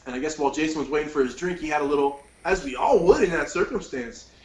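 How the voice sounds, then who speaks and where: A man hosting a podcast, telling a long story in a casual, profane, animated way. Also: fairly high pitch, fast talker, roomy sound, rough recording. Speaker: podcast host.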